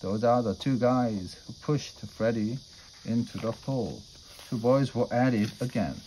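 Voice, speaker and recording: A man reading a children's storybook aloud in a plain, steady manner. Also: medium pitch, measured pace, slight background noise, low-quality recording. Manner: plain, steady read-aloud delivery with small slips. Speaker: storybook reader.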